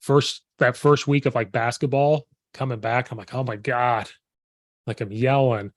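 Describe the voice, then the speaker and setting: Casual podcast host: man, slightly hoarse, animated storyteller, dry close sound. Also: mid-range voice, moderate pace, no room sound. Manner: animated storyteller, quotes himself, laughs often. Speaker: podcast host and football coach. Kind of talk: casual chat.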